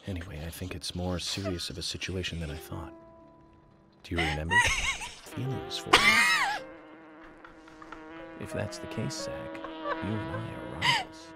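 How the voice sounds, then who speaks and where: A calm, oddly matter-of-fact FBI detective from a video game, his voice sitting very deep and swinging widely in pitch while game music plays loudly behind him. He keeps his lines measured and formal. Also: vocal fry, heavily acted. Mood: dry. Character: composed male FBI agent detective. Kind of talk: game dialogue.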